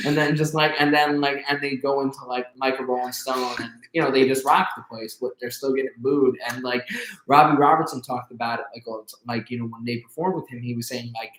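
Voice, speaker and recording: A man's voice: mid-range voice, fairly even intonation, a little fast, fairly bright tone. A young man hosting an interview, telling stories in a rambling, casual way full of fillers. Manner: rambling storyteller, many fillers. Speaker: interview host. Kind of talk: casual conversation. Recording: roomy echo.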